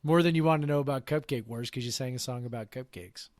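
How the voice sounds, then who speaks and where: A man co-hosting a podcast, rambling in casual chat with many fillers and quick silly impressions. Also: medium pitch, dry recording, studio quality. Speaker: podcast co-host.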